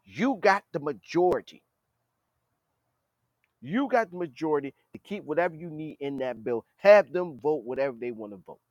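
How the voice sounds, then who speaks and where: A man with a high, very animated voice delivers a blunt political commentary monologue. He talks straight at the leaders he criticizes, in a scolding tone. The sound is dry and close. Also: moderate pace, no room sound, highs cut off. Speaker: podcast host.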